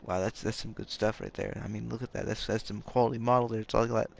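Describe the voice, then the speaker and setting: Hushed late-night gaming chatter comes from a streamer whose voice is on the low side, fairly flat, and touched with vocal fry. He talks fast, rambling goofily and making fun of himself as game music plays.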